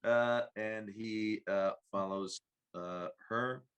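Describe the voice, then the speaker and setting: Brief: slow-paced male game master, lowish voice, narrating a tabletop scene. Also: steady tone, clean tone, muffled recording. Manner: hesitant, full of ums while narrating.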